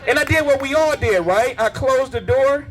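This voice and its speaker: High, lively male stand-up comic. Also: normal speed, a faint crowd. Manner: animated storytelling, breaks into laughter and sung bits. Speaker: stand-up comedian. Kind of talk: stand-up comedy set. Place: comedy club stage.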